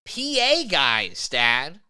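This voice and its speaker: Bright-voiced man in easy banter. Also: fairly high pitch, drawn-out words, a little hiss or hum. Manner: laughs easily, relaxed banter. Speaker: podcast co-host. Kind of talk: casual sports chat.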